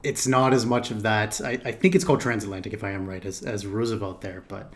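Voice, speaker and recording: A man's voice: lowish voice, fairly even intonation, fast talker. A man hosting a reaction video, thinking aloud in casual commentary, hesitating and correcting himself.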